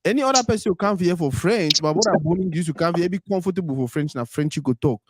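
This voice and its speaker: A man's voice: a little high, animated, quick pace, no room sound, studio quality. A man hosting a casual interview, easygoing, switching between Pidgin and English. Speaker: host.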